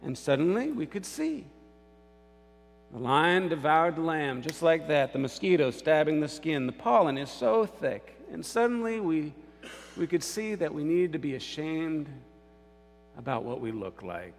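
Dramatic, slow-preaching male pastor. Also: a little high, expressive, vocal fry. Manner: dramatic storyteller, acts out voices. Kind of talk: sermon. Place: church sanctuary. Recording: long church reverb, faint music.

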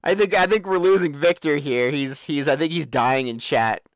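Sex: man. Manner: excitable and high-pitched. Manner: excitable, chatty, quick to laugh and gasp. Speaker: live-stream host playing a game. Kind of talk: casual gameplay commentary.

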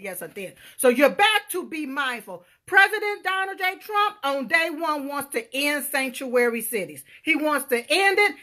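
A woman giving a loud, emphatic political rant to her viewers, calling out to them often. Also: high voice. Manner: loud, emphatic, calls out to viewers, punctuates with "huh?". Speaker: political vlogger.

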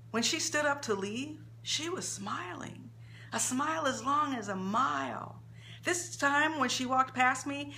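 A woman author reading her own short story aloud in an expressive, measured storytelling manner. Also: medium pitch, vocal fry, a little hiss or hum.

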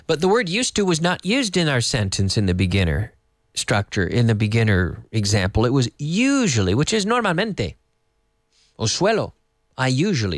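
Brief: male teacher, animated delivery, dry close sound. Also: on the high side, dry recording. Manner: lively, explains slowly with repetition and Spanish glosses. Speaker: English teacher. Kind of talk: casual online English lesson for Spanish speakers. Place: in Madrid.

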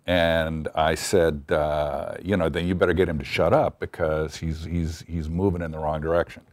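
With a rumbling low voice, a level tone and moderate pace, a middle-aged TV writer tells a wry story from his past in an interview, voicing the quotes as he goes. There's no echo on the recording.

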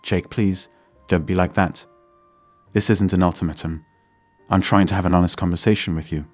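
A man's voice: low voice, fairly even intonation, normal speed, dry recording, faint music behind. A man voicing a restless young wife who is earnestly and defensively arguing for an open marriage.

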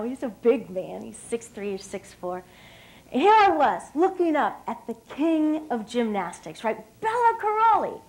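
A woman in her thirties from West Virginia, giving a lively motivational speech from a stage at an evening dinner and talking straight to the crowd. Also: on the high side, poor audio. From West Virginia, USA. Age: 30s. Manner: lively storyteller, often laughing, addressing the crowd directly. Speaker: dinner speaker.

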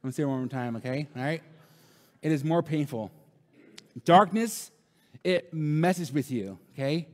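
A man's voice: a little high, lively intonation, normal speed, long pauses, a little mellow, in a large hall. A man in his thirties preaching a sermon in a casual, conversational way, often tagging "right?" and repeating lines for emphasis. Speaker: pastor. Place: church sanctuary.

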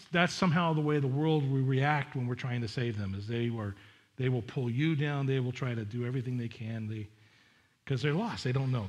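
In a slightly high voice, a middle-aged man preaches as pastor, keeping things chatty and animated with asides to those in the pews.

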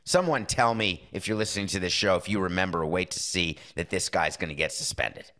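A man's voice: low-pitched, sharp tone. A middle-aged man hosting a sports podcast, talking casually and opinionatedly and acting out little bits of dialogue. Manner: opinionated, acts out dialogue in quick asides. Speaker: podcast host. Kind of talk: casual sports talk monologue.

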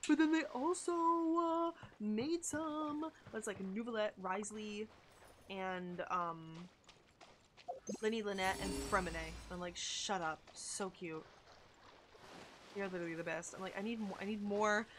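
A woman's voice: mid-range voice, a little slow, a little hiss or hum. A young woman chatting casually and gushing while she streams a video game, with lots of likes and oh my gods. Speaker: gaming streamer. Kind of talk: casual live-stream chat while playing.

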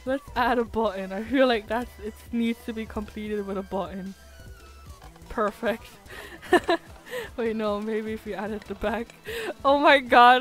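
A woman streaming a building game, chatting in a self-mocking way and breaking into laughs and squeals. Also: on the high side. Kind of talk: casual game-stream commentary.

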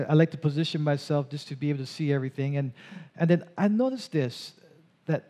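A man pastor interviewing a church member onstage during a service, chatty and animated, with quick asides. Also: on the high side.

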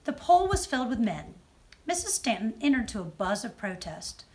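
A woman judge reading a children's book aloud with expressive storytelling. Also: fairly high pitch, normal speed. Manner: expressive storytelling, softer on narration tags.

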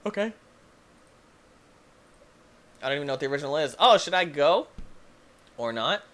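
A young man hosting a gaming video, giving goofy, excitable let's-play commentary that breaks into yelps and shouts. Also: fairly high pitch, quick pace.

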